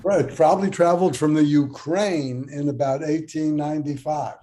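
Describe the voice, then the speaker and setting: An older man, a doctor and guest, telling a long joke in a casual chat with measured storytelling. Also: a little high, steady tone, warm tone.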